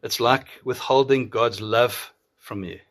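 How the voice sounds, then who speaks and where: A man preaching a sermon, earnest and emphatic, slowing to draw out key words. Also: medium pitch, slight background noise. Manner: earnest, with emphatic drawn-out pauses. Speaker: pastor.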